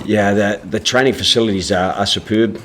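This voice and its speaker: Man, lowish voice, press-conference coach, careful and halting. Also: fairly even intonation, background noise. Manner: measured, halting, many restarts. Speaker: head coach.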